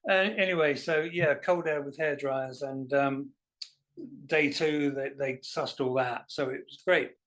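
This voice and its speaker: A man, a guest musician telling self-deprecating stories in a relaxed interview. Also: a little high, unhurried. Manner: animated anecdotal, self-deprecating. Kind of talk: casual storytelling interview.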